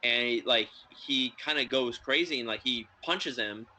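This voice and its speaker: A man's voice: mid-range voice, unhurried, low-quality recording. A man hosting a podcast, chatting casually about films in a rambling way, full of fillers. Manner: rambling, filler-heavy, excitable. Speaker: podcast host. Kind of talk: casual film review chat.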